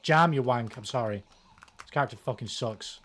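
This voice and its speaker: A man streaming a fighting game, swearing casually and thinking out loud about his strategy. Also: mid-range voice, normal speed, slight background noise. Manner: profane, thinks out loud, self-deprecating. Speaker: gaming streamer. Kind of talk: casual commentary while playing a fighting game.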